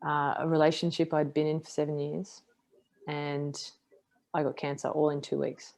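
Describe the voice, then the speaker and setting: Low-voiced woman telling her story. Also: moderate pace, gravelly. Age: middle-aged. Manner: frank, self-deprecating, animated retelling with acted quotes. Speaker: podcast guest, martial artist. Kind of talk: candid interview storytelling.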